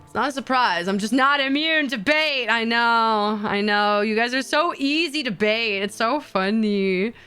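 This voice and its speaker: A young woman chats with her stream audience in a bright, sharp voice that sits a little high. She teases and jokes freely, curses casually and breaks into laughs. Close streaming-mic sound. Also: measured pace, smooth, soft background music. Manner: playful, teasing, swears, laughs often. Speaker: VTuber streamer. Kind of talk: casual chat with stream viewers.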